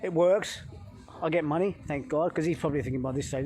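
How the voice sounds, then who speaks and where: A middle-aged man from England, a health coach vlogger telling a travel story in a swearing, animated way, talking into a phone outdoors by a hotel pool. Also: on the high side, fast talker, a little hiss or hum.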